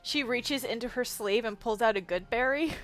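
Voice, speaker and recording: A woman narrating a tabletop game as game master, describing scenes in a lively way. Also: fairly high pitch, moderate pace, faint music behind.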